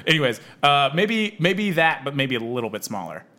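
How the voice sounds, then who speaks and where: A man's voice: medium pitch, big pitch swings, moderate pace, pushed and bright. A man co-hosting a casual podcast, rambling and hesitant, tossing in slang like dude and bro. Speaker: podcast co-host. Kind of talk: casual chat.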